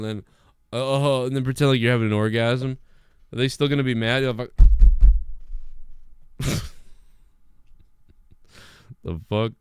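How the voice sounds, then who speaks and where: A man's voice: mid-range voice, fairly even intonation, unhurried, pauses often, clean tone, no echo. A young man hosting a live stream, talking casually in a rambling way with lots of swearing and restarts.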